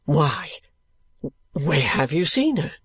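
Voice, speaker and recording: Man doing an eager young lover, vehement, pressing questions, raised pitch, dry sound. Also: sing-song, takes it slowly, a bit bright, husky, dry recording, full character voice. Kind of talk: audiobook character voice.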